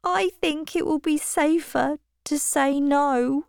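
A woman voicing an anxious, timid young woman who pleads in a high, breathless voice. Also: slow, vocal fry, no room sound, studio quality, full character voice. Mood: earnest.

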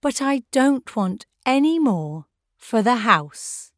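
A woman's voice: a little high, big pitch swings, takes it slowly, no echo, studio quality, pitched above the performer's own voice. Woman doing a firm sensible guardian. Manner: firm, reasonable.

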